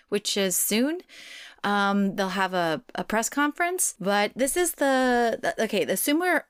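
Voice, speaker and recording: A woman co-hosting a podcast in casual chat, playful and lively, with quick excited asides. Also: medium pitch, clear, resonant tone, dry recording, clean studio sound. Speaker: podcast co-host.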